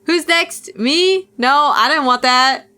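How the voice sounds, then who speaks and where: A woman voicing a frightened young girl in a game who begs not to be next, in a high, pleading voice. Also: takes it slowly, pushed and bright, heavily acted. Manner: high, pleading, repetitive whimper.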